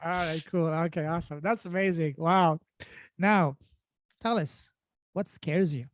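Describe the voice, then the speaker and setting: A man hosting a podcast, upbeat and chatty, tossing in quick affirmations before each question. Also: a little high, no echo. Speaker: podcast host. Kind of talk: casual interview.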